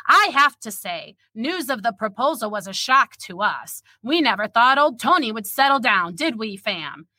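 A woman reading the part of a brash, boozy, mocking sister-in-law who talks loudly and teasingly. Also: a little high, big pitch swings, moderate pace, few pauses, no room sound, heavily acted. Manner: loud, teasing, guffawing. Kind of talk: reading fiction aloud.

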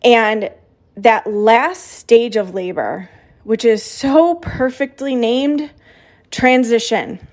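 Earnest woman coaching, slightly high voice. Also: slow, darkish tone. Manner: earnest, emphatic, repetitive. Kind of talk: motivational podcast talk.

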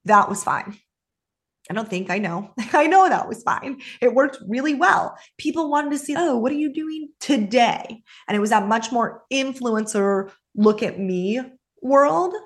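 A woman hosting her own podcast, coaching listeners on social media in an upbeat, chatty way with quick asides. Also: mid-range voice. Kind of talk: casual solo podcast talk.

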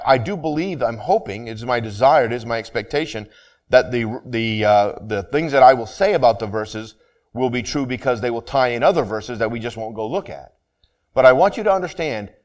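Earnest male pastor preaching a sermon. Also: medium pitch. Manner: earnest, repeats and restarts phrases, slows for scripture and prayer.

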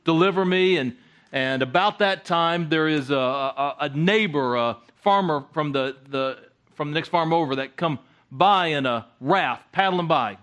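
A man preaching a conversational sermon, often halting and repeating words as he goes. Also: a little high, fairly bright tone. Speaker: guest preacher.

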